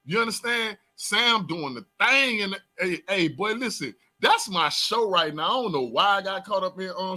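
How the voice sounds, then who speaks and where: A young man with a South Florida accent hosting a talk show, hyped and loud, jumping between shouting and mumbling. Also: a little high. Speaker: host.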